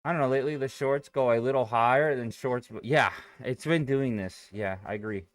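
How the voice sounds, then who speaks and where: A young adult man streaming about day trading chats loosely at a brisk pace in a medium-pitched voice. He swears freely, thinks aloud, and reads out viewer comments.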